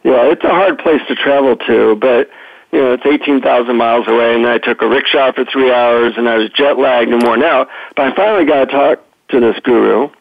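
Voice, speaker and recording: A man's voice: mid-range voice, fairly quick, creaky, no room sound. A middle-aged man, a psychotherapist and author, telling stories as a guest on a phone-in radio interview. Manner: animated storyteller, chatty with fillers. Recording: tinny phone line.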